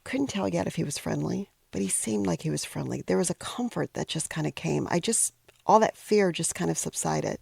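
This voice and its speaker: Middle-aged woman telling her own story, lots of fry in the voice, dry close sound, soft and emotional. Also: lowish voice, no echo. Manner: emotional, reflective, pauses often, drops to whispers. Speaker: podcast host telling a personal story. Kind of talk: personal storytelling narration.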